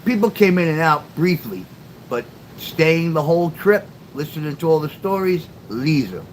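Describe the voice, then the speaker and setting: At normal speed and fairly high pitch, a middle-aged streamer chats through a late-night livestream, calling out viewers by name. He's sarcastic, rambling and freely profane toward chat, and the low-quality recording carries steady background noise.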